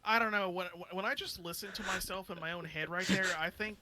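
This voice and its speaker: A man's voice: high-pitched, brisk, very noisy. A man running a tabletop game as dungeon master, chatting in a fumbling, self-deprecating way. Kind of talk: casual tabletop game chat.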